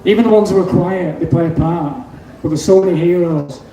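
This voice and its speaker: A man's voice: high-pitched, a little fast, mellow. A man hosting a festival, enthusiastically introducing speakers on an outdoor stage. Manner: enthusiastic, praising. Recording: echoey outdoor PA, distant, crowd noise.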